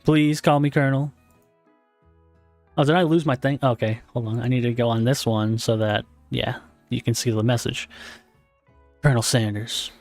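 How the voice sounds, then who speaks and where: A man's voice: mid-range voice, steady tone, normal speed, a little mellow, dry recording, faint music behind. Chatty man streaming a game at his desk. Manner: chatty, self-deprecating, laughs often. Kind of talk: casual game commentary and reading aloud.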